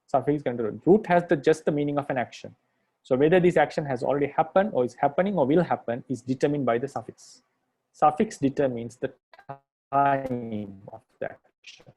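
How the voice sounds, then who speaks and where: Mellow-voiced monk patiently teaching grammar. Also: male voice, mid-range voice, a little fast. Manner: patient, repetitive, restates points with "right?". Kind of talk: explanatory lecture.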